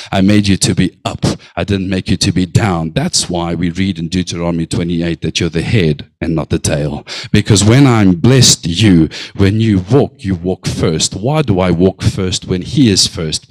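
A pastor preaching a sermon, slowing down to stress lines and then speeding up in bursts. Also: male voice, low voice, dry recording, low-quality recording. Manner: preaching with slow drawn-out emphasis and sudden bursts of speed.

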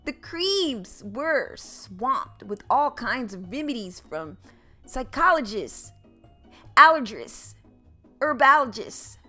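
A woman podcast host reads a children's storybook aloud at an unhurried pace, playful and full of asides. Her voice is high, bright and very animated, and faint music plays behind her.

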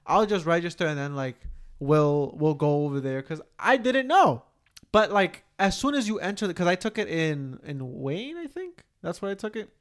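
A man's voice: a little high, very animated, moderate pace. A young man, co-hosting a podcast and telling a story in a loose, profane, slangy way. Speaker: podcast co-host. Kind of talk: casual chat, storytelling.

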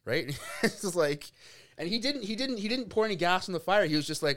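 A young man from Canada telling a story in casual podcast chat, animated and laughing, acting out quotes. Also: a little high, fast. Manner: animated, laughs often, acts out quotes, swears. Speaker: podcast guest.

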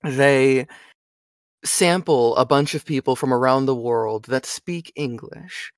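A man's voice: mid-range voice, slow pace, dry recording. Chatty young man with a dry sound. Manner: chatty, asks "you know what I mean?" a lot. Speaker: voice actor and audiobook narrator. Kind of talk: casual interview chat.

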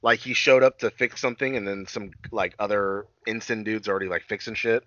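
A man's voice: fairly low pitch, fairly even intonation, fairly quick, a bit bright, dry recording, dull audio. A man co-hosting a casual podcast, recapping a TV episode, swearing freely and acting out scenes in quoted voices. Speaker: podcast co-host.

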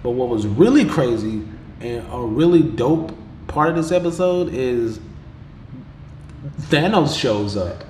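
A podcast host with a mid-range voice casually recaps an episode in slangy, profane language, acting out the characters' lines with quoted voices. His animated retelling moves at a slow pace with long pauses. The recording has a roomy echo and faint background ambience, with slight noise.

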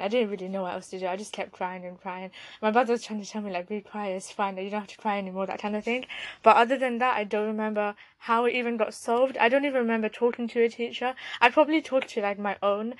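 A young woman tells a personal story on her own podcast, speaking candidly with loose fillers and restarts. Her voice sits at a middle pitch. The sound is dry and close, with no room echo. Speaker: podcast host.

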